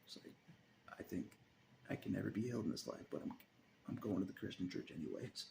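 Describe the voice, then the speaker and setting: Low, very gravelly-voiced man vlogging; rambling, chuckles a lot, pitch swings widely. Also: expressive, fast talker, a little mellow, in a whisper. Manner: rambling, chuckles often, trails off into muttering. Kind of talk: casual monologue to camera.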